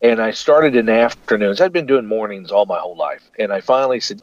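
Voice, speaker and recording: A man's voice: lowish voice, brisk, hardly any pauses, dry recording, muffled recording. A middle-aged man, a radio host and voice actor, telling stories in a casual interview and acting out the voices of the people in them. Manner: animated, acts out voices in his anecdotes.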